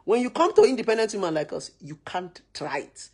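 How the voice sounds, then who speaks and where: A woman with a Nigerian accent delivers an opinionated rant straight to camera. Her voice is husky and a little breathy. She hammers her points home with repeated rhetorical questions and a preachy, forceful delivery. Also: mid-range voice, sing-song, fairly quick. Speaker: social media commentator.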